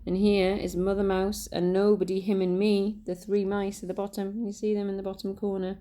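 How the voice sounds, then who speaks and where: A woman teacher reading a picture book aloud to children, pausing to point out the pictures. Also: mid-range voice, flat delivery, slight background noise. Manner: gentle, asks children to look at pictures. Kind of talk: storybook read-aloud for children.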